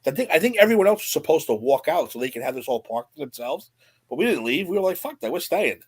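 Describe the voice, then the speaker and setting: A man's voice: big pitch swings, quick pace, breathy edge. Man swearing podcast co-host telling a story. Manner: profane storyteller, acts out quotes in a low mutter. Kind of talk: casual chat.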